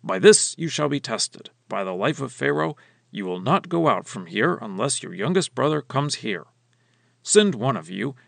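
A man's voice: mid-range voice, vocal fry, fairly bright tone, dry recording, exaggerated voice. A man voicing a stern, powerful ruler while reading scripture aloud, with emphatic delivery. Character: stern powerful male ruler testing strangers.

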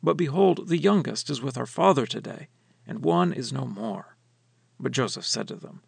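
A male Bible teacher reads a chapter aloud and then explains it in a measured, expressive way. His voice is strongly gravelly and varies widely in pitch. The recording is dry and close. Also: no echo. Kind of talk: scripture reading and commentary.

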